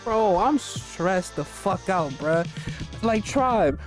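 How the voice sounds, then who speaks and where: A woman hosting a casual commentary who talks in slang, keeps saying bro, and gets animated. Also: mid-range voice, takes it slowly. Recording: music playing clearly behind.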